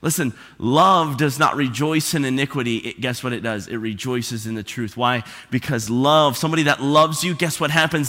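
Preaching in the church sanctuary, the pastor talks at normal speed with few pauses, his medium-pitched voice pushed and bright. He keeps the sermon conversational and loaded with rhetorical questions, and the hall's reverb is audible.

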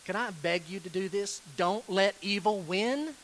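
A male pastor gives an earnest sermon, pleading with his listeners and leaning hard on slow, stressed phrases. His voice is high for a man, bright and forceful, on a rough recording with slight background noise.

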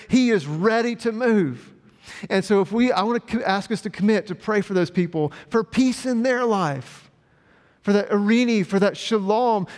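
A man preaching a sermon as pastor, speaking earnestly with repeated phrases and building emphasis. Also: fairly high pitch. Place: church sanctuary. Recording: long hall reverb with faint music.

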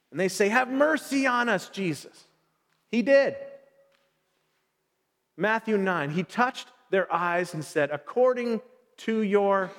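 A middle-aged man preaching a sermon, telling stories in an animated way and acting out his son's voice. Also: sits high. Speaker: pastor. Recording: long hall reverb.

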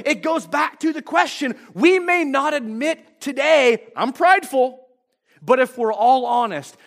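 A man's voice: sits high, a bit bright. A male pastor preaching a sermon, retelling a story and acting out the quoted lines, often restarting his phrases.

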